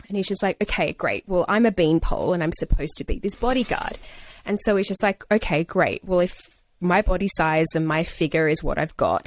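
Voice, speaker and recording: A woman, a working actor and coach, tells a story in a lower-pitched voice and slips into the voices of the people she quotes. The sound is close and dry, with no room heard behind her. Her speech is full of ordinary restarts and "like". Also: no echo. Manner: animated storyteller who acts out quotes. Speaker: actor and acting coach, podcast guest. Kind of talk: casual interview storytelling.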